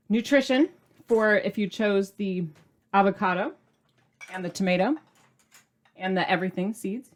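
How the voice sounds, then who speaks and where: Bubbly middle-aged female cooking host, casual and effusive. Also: lowish voice. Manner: bubbly, gushing, chatty; talks while eating. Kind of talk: casual cooking demo chat.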